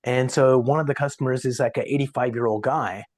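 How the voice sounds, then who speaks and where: A man who is a podcast guest, talking casually and telling an anecdote in a lively way, voicing the people in it. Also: mid-range voice, brisk, no echo. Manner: animated anecdote-teller, acts out quotes. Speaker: podcast guest, sales coach. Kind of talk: casual storytelling in conversation.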